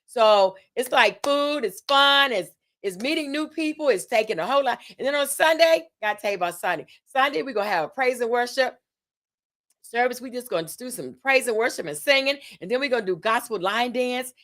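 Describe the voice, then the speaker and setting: A woman from Tampa, Florida, hosts and organizes an event on a casual livestream, her voice a little high and fairly bright, animated and a little fast. She chats with her audience, reads out event details with fillers and self-corrections, and hypes the crowd with call-and-response.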